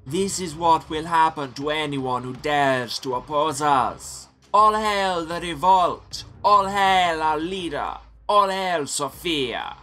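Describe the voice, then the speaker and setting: A man plays a fervent revolutionary rabble-rouser in a story game, pitched high and loud. He shouts slow, rallying cries. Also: animated, soft background music, exaggerated voice. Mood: rallying fervor.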